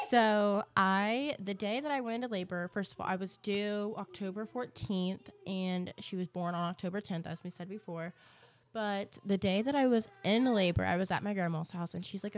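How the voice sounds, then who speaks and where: A young woman co-hosting a podcast, chatty and animated as she retells a story with many fillers. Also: mid-range voice. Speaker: podcast co-host. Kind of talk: casual storytelling chat.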